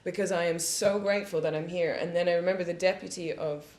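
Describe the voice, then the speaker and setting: A woman's voice: lowish voice, fairly even intonation, quick pace, darkish tone. A woman guest on a live panel telling candid, profane stories and often laughing. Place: studio panel discussion before an audience. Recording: roomy echo with faint background hiss.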